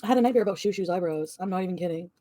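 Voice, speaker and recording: A woman's voice: fairly low pitch, very fast, dark tone, no echo. A woman vlogger venting and ranting, swearing often and rambling. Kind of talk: ranting vlog.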